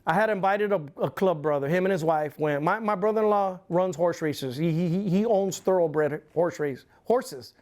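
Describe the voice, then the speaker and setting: A middle-aged man telling a long story as an interview guest, in casual, profane, rambling speech with lively retellings. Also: high-pitched, moderate pace, few pauses.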